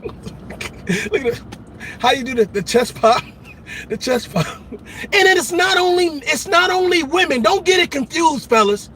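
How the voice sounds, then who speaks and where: Man hosting a fiery commentary rant, very high voice, hammers his points with repetition. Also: animated, a little slow, long pauses, bright, forceful tone, a little hiss or hum. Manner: emphatic, repetitive, calls out to listeners. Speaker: show host. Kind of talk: impassioned commentary monologue.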